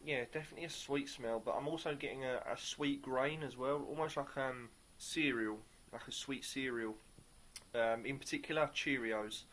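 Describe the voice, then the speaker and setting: A man reviewing a beer on camera in a casual, upbeat way, pausing often to search for words. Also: medium pitch, fairly bright tone. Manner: upbeat and enthusiastic.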